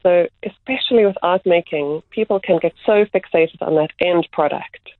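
A woman who runs art workshops, a guest explaining her approach in measured speech that slows on key words. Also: lowish voice, no room sound. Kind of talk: reflective interview answers. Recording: phone-like line, dry.

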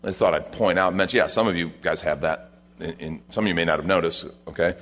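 A man preaching a sermon, reading scripture and explaining it, rising to loud emphasis at times. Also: sits low, fast talker. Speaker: pastor.

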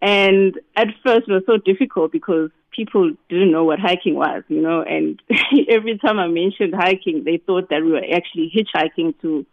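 A guest speaking over the phone in a relaxed interview, often saying "you know". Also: mid-range voice, normal speed, no echo. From South Africa. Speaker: guest, business founder. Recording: tinny phone line.

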